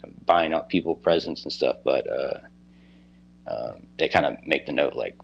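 Deep-voiced man rambling through a story. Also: creaky, muffled recording, a little hiss or hum. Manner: rambling, halting, heavy on "you know" and "like". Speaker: guest telling a personal story. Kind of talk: casual storytelling.

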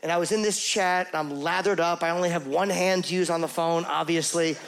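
A middle-aged man telling a crude, self-mocking story in stand-up comedy, rambling and animated. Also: on the high side, brisk, vocal fry.

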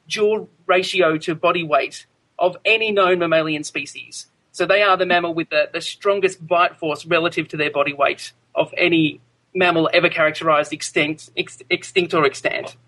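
A scientist, a man, answering interview questions with enthusiasm and halting restarts. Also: fairly high pitch, fairly even intonation, bright, forceful tone, poor audio. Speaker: guest scientist.

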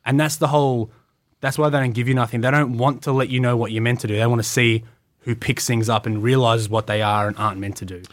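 An Australian man rattles through his story at a quick clip, leaning on "like" and restarting his sentences. He sounds close and dry, with no room around him. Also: medium pitch, flat delivery, dry recording. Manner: rambling, many "like" fillers. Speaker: guest, wrestling tryout athlete. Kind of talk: casual storytelling interview.

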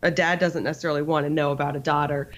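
A woman's voice: low-pitched, flat delivery, racing, a little hiss or hum. A woman in her thirties, an author being interviewed on a podcast, telling candid stories with lots of fillers. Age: 30s. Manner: candid, storytelling with frequent fillers. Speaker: author guest.

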